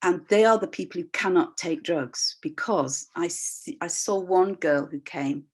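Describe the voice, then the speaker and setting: This older workshop leader and voice practitioner speaks on the low side, taking her time as she tells personal stories via video call. She acts out voices with expression, stays candid and reflective, and restarts often.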